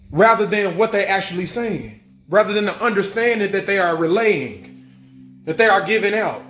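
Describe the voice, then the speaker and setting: A man's voice: high-pitched, fairly bright tone. A man giving an emphatic, repetitive spiritual monologue to his viewers, restating each point and swearing casually. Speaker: spiritual vlogger. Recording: echoey room with faint music.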